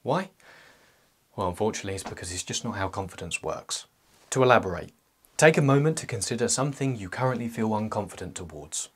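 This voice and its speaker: A young man with a fairly low, husky voice talks to his viewers. He delivers a scripted self-help monologue and breaks it up with playful, joking asides. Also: lively intonation, fast.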